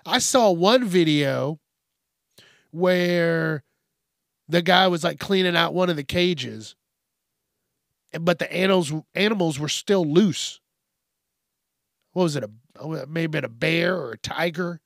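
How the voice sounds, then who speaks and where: A man's voice: fairly high pitch, a little slow, vocal fry, long pauses, no room sound, studio quality. A man hosting a podcast, ranting bluntly and profanely in a rambling monologue. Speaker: podcast host.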